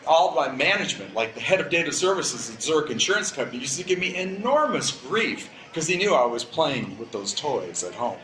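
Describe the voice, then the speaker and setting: An older man giving a live presentation in a chatty, wry, relaxed way. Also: fairly high pitch, a little fast, hardly any pauses. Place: event room. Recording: echoey room with faint ambience.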